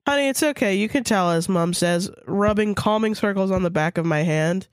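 A woman's voice: lowish voice, fairly even intonation, normal speed, no echo, studio quality. A woman co-hosting a podcast, reading a story aloud with casual, crude asides. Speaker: podcast co-host.

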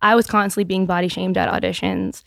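A woman's voice: medium pitch, fast talker, vocal fry, no echo, clean studio sound. A woman in her thirties who talks openly in a casual podcast interview, often restarting her sentences. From Boston area. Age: 30s. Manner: candid and animated, with frequent restarts and "like". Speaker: guest, business founder.

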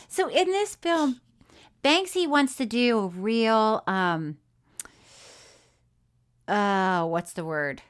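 A woman's voice: a little high, lively intonation, extremely slow, pauses often, smooth. A woman co-hosting a podcast, telling a film's story in casual chat and acting out the quotes, laughing often. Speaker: podcast co-host.

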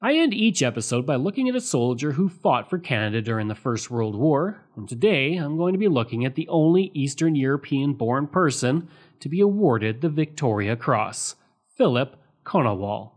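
A man hosting a history podcast, reading a scripted narration in a measured way and reading out sources marked with quote and end quote. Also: medium pitch, big pitch swings.

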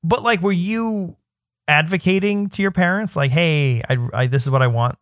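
A man's voice: moderate pace, no room sound, clean studio sound. A man co-hosting a podcast, talking in a reflective, casual way with lots of "I mean" and "you know". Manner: reflective, many fillers, swooping pitch. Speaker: podcast co-host. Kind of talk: casual chat.

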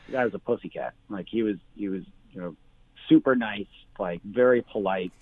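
A bar owner talking casually on the phone, full of fillers and restarts. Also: male voice, on the low side, fairly quick, dry recording. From Canada. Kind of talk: phone interview. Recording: tinny phone line.

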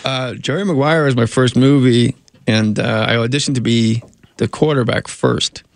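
Man, gravelly, casual interview storytelling, rambling, self-interrupting, dry sound. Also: medium pitch, fairly even intonation, normal speed, no room sound. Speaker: guest, comedian and actor.

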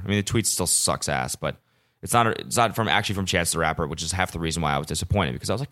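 A man's voice: lowish voice, very animated, fast, pushed and bright. A young man hosting a podcast, ranting casually with profanity and self-mocking storytelling. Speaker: podcast host. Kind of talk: casual solo podcast rant.

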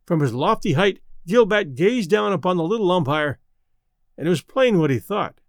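A man narrating a story with a lively, expressive reading. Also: sits high, normal speed, dry recording, studio quality. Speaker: audiobook narrator.

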